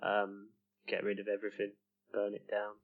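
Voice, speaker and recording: A man's voice: lowish voice, completely flat delivery, normal speed, narrow, tinny audio. A man co-hosting a casual podcast chat, joking and laughing at himself. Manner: laughing, self-mocking banter. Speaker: podcast co-host.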